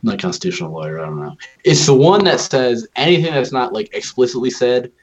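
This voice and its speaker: Animated rambling man on a lo-fi podcast. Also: medium pitch, fast talker, breathy edge. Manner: rambling, animated, swears freely. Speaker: podcast co-host. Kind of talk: casual profane chat. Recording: dull lo-fi recording.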